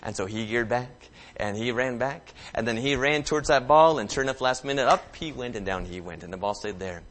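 A man preaching a sermon, swinging from loud impassioned climbs to hushed, soft passages. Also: medium pitch, fairly quick.

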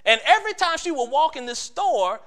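A male preacher delivering a sermon who builds his points through repetition, slowing down and getting louder at each climax. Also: very high-pitched, very animated.

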